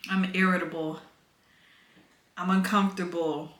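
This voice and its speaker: A woman's voice: medium pitch, steady tone, a little slow, long pauses, bright, forceful tone, echoey room. A young pregnant woman vlogging at home over dinner, talking candidly and emotionally in a casual chat to camera.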